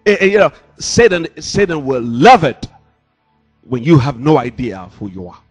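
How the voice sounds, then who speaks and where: A man's voice: mid-range voice, sing-song, normal speed, husky, soft background music. A man preaching a sermon in church into a handheld microphone, pressing his point with rhetorical questions. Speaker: pastor.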